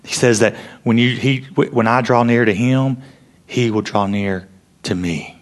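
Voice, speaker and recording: A man preaching a sermon in an earnest storytelling way, often dropping to a hush for emphasis. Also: mid-range voice, fairly even intonation, unhurried. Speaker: pastor.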